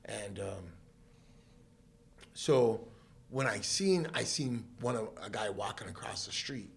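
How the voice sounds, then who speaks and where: On the low side and unhurried, his voice has vocal fry, long pauses and a little hiss or hum behind it. He's a Southern California podcast guest recounting a story in a loose interview, lively as he imitates the people he quotes and laughs often.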